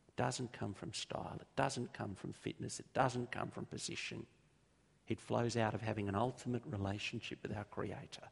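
A middle-aged Australian man delivers a sermon in a low, gravelly voice with a husky edge. He tells stories and hammers his points through repetition, easing down on the key lines. The sound carries a long reverb from a large church hall. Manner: storytelling, emphatic repetition, slows down for key points. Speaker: preacher.

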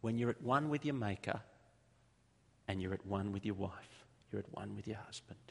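A middle-aged Australian man delivers a sermon in a low, gravelly voice with a husky edge. He tells stories and hammers his points through repetition, easing down on the key lines. The sound carries a long reverb from a large church hall. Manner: storytelling, emphatic repetition, slows down for key points. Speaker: preacher.

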